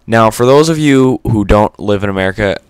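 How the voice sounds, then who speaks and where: A man's voice: lowish voice, animated, a little fast, clean tone, dry recording. A man giving unscripted gameplay commentary, rambling and stuttery with lots of fillers and casual swearing. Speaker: gaming commentator.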